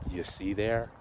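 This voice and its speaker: A man's voice: on the low side, darkish tone, a little hiss or hum. A man preaching casually into his phone while walking down a city street, laughing often and asking his listeners rhetorical questions. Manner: laughing, rhetorical, drawn-out repetitions. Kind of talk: casual outdoor sermon to phone camera. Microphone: phone held while walking.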